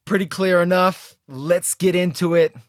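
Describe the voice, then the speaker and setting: A young man co-hosting a travel podcast, spinning a rowdy story with a lot of laughter. His voice sits a bit high, and the sound is close and dry with no room around it. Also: fairly even intonation, a little slow, no room sound. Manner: laughs often while telling a story. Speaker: podcast co-host.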